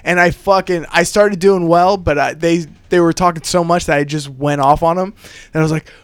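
A man, a comedian co-hosting a podcast, chatting casually and telling animated stories with loud acted-out quotes. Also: on the high side, fairly quick, clear, resonant tone, no room sound, studio quality. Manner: animated storytelling, acts out angry quotes loudly. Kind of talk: casual chat.

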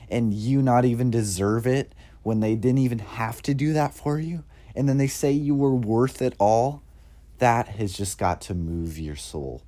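A man earnestly sharing his Christian faith in a casual testimony, halting often with fillers. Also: mid-range voice, warm tone.

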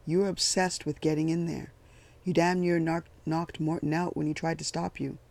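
A man voicing a calm, weary army captain. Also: a little high, moderate pace, gravelly. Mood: steady. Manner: calm, quiet and matter-of-fact.

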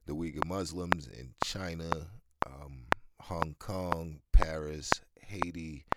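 Podcast host, male, very low voice, candid rambling monologue over loud background noise. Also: slow. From United States. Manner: candid, rambling, laughs often, swears freely. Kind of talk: casual solo podcast monologue.

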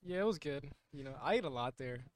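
A man's voice: on the high side, expressive, fast. A young man in casual chat with friends, rambling through a travel story with lots of fillers. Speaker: friend back from a trip.

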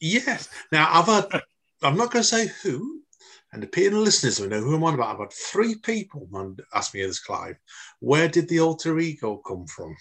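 A man's voice: fairly high pitch, big pitch swings, normal speed, fairly bright tone, slightly rough. A man interviewing a guest in a chatty, enthusiastic, loosely phrased way. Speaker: podcast interviewer. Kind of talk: casual interview chat.

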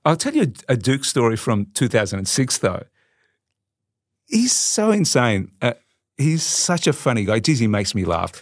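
A man in middle age chats as a podcast guest, rattling through anecdotes. His pitch swings widely whenever he mimics someone else. The sound is close and dry, with no room around it. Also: normal speed, no echo. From Australia. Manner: animated anecdotes, acts out quotes with big pitch jumps. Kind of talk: casual storytelling chat.

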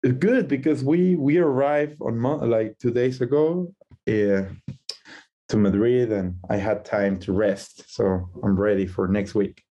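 A man whose first language is Spanish chats as a musician guest, loose and animated, full of "like" and quick asides. His voice has a mellow, darker tone at a middle pitch. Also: lo-fi sound. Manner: chatty and animated, with frequent "like" and quick laughs. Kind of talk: casual interview over a call. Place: in Madrid, recorded remotely.

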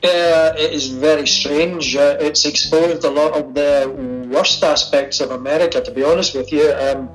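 Easygoing Scottish man, slightly high voice. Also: steady tone, moderate pace, few pauses, soft background music, poor audio. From Scotland. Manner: easygoing, chatty, laughs easily. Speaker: guest, sculptor. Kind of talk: casual interview over a call. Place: attic studio at home. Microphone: remote call.

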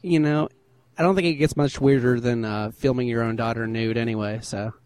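A man's voice: mid-range voice, fairly even intonation, a little fast, darkish tone, smooth. A young adult man co-hosting a podcast, easygoing and agreeable, chuckling through casual chat. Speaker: podcast co-host.

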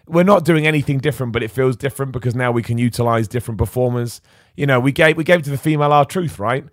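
Brief: male podcast host, mid pitch, chatty and opinionated, close dry mic. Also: fast talker, dry recording. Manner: chatty, opinionated, stumbles and repeats words. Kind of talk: casual wrestling chat, reading super chats.

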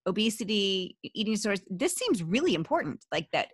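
A woman with a Philadelphia accent hosts a podcast interview. She is friendly and playful, quick to laugh. The recording is dry and close. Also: medium pitch, very animated, breathy edge, no room sound. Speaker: podcast host.

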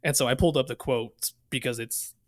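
A man's voice: medium pitch, fairly even intonation, brisk. A man co-hosting a podcast, casually retelling movie scenes and quoting the lines with swearing. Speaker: podcast co-host. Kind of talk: casual movie recap chat.

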